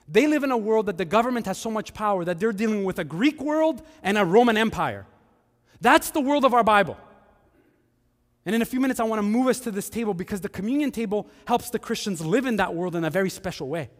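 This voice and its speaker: A man preaching a sermon as pastor, animated, with joking asides and acted-out quotes. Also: sits high, long reverb tail.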